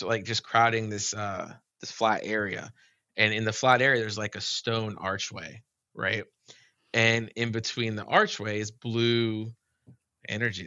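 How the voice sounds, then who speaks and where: A man with a low, gravelly voice tells a story in loose, casual talk and keeps coming back to "like". His tone has a bright, forceful edge. The recording is dry and a little dull. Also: no room sound. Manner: rambling, full of "like" and "you know". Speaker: podcast guest.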